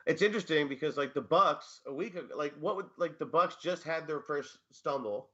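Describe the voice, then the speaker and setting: Bright-voiced rambling sports co-host man. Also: a little high, brisk, dull audio. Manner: rambling, hedging with many fillers, dry jokes. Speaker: fantasy football co-host and teacher. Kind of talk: casual sports podcast chat.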